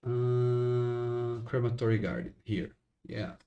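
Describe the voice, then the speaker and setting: A man narrating as game master in a tabletop game, unhurried and pausing with fillers. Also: mid-range voice, fairly even intonation, highs cut off.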